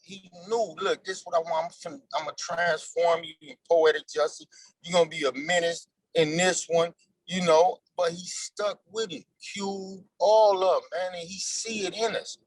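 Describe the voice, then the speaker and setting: An actor in his forties, speaking as a guest in a casual interview, talks in a loose, slangy, emphatic way. His voice sits high with fairly even intonation at normal speed. The recording is dry and low-quality.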